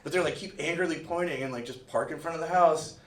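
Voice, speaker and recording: Brief: laid-back man telling a rambling story at a live event, a bit high voiced, distant in a roomy hall. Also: quick pace. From Miami, USA. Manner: rambling, loose, full of "like" fillers. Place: museum event room, live audience. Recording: echoey room, far from mic.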